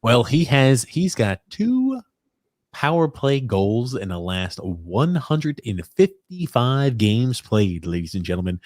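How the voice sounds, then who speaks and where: A man's voice: mid-range voice, sing-song, takes it slowly, a little mellow, no room sound, clean studio sound. A man hosting a sports podcast, laid-back and rambling, with many fillers, taking calls and reading comments. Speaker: podcast host. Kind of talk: casual sports chat.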